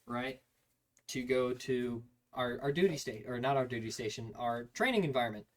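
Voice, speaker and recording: A man telling army training stories to his stream in a casual, profane, animated way. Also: mid-range voice, moderate pace.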